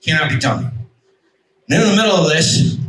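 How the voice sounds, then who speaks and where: A man, a military veteran, telling his personal testimony to an audience. He talks in an animated, joking way and keeps checking in with "right?". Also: on the high side, moderate pace. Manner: animated storyteller, jokey asides, emphatic rhetorical "right?". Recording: echoey room, distant mic, faint background hum.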